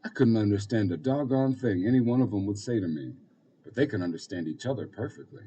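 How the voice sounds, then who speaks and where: A man voicing a loving older woman who tucks a young foster boy into bed, speaking gently and soothingly. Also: fairly low pitch, lively intonation, quick pace, husky. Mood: gentle.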